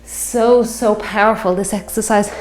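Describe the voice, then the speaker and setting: A woman's voice: medium pitch, steady tone, measured pace, a little mellow. A woman, leading a fitness class with encouraging, upbeat cues and getting a little out of breath. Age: 50s. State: out of breath at times. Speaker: fitness instructor. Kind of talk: workout class instruction. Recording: echoey room with workout music.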